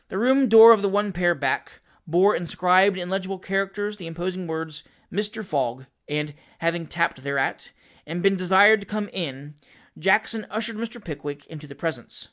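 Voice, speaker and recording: Man reading an old novel aloud, fairly high voice, dramatic. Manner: expressive, theatrical. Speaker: reader. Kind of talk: audiobook-style reading of a classic novel.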